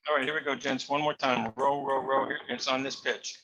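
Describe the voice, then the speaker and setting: A man directing a choir rehearsal on a video call, giving brisk cues to the singers. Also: medium pitch, fairly even intonation, sharp tone, muffled recording. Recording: video call with heavy noise.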